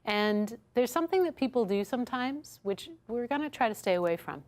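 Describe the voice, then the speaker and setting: A woman's voice: fairly high pitch, animated, fairly quick. A woman instructor teaching a workshop lesson to a small audience. She acts out customer dialogues as she goes and keeps checking in with "right?". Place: studio classroom with a small audience.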